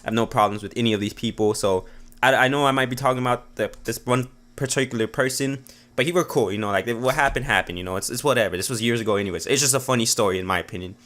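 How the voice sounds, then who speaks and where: Fast-talking young guy telling a story. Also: medium pitch, a bit bright. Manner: rambling, profane, heavy with fillers. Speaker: vlogger. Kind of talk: casual storytelling.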